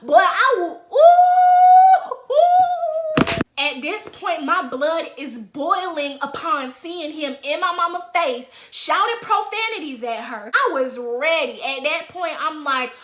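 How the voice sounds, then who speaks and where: A young woman vlogger telling an animated, heated story. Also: sits high, unhurried, hardly any pauses, slight background noise. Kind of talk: storytime vlog. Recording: roomy echo.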